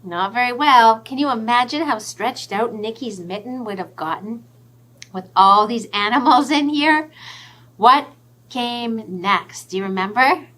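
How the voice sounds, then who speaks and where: A woman reading to children at storytime, her voice pitched high and bright. She takes her time, stretching out the words, then slides into hushed whispers to give hints. The delivery stays lively and expressive throughout. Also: unhurried. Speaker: children's librarian hosting storytime.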